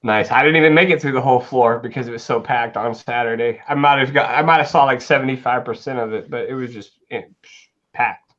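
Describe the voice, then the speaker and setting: Chatty host, dull lo-fi audio. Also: male voice, mid-range voice, fairly quick, a bit bright. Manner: chatty, greets viewers by name, laughs often. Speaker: show host. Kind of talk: casual livestream chat.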